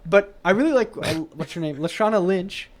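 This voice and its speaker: A man co-hosting a movie review podcast, talking in excited bursts and laughing often in casual chat. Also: high-pitched, fairly quick, a crowd in the background. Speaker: podcast co-host.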